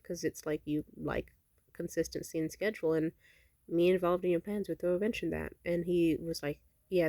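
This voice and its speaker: A woman's voice: lowish voice, no echo. Young woman rambling through a dry-room vlog story. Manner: rambling, profane, animated quoting of others. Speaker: vlogger.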